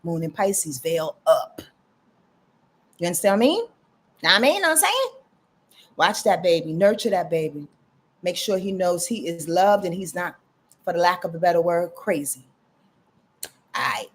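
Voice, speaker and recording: Husky-voiced chatty woman astrologer. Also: medium pitch, lively intonation, normal speed, long pauses. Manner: chatty, addresses viewers as y'all, asks "you dig?". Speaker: astrologer giving live readings. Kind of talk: casual livestream astrology reading.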